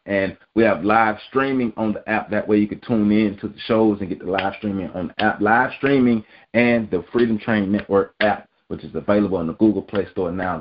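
A man's voice: on the low side, lo-fi sound. A man hosting a podcast, delivering a profane, heated weekly rant. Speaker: podcast host.

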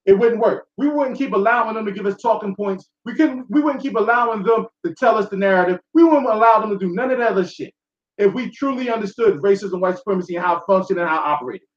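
A man's voice: high-pitched, fast. A man hosting a talk show, delivering a blunt, profane, preachy monologue to his listeners. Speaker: show host. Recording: echoey room, dull sound.

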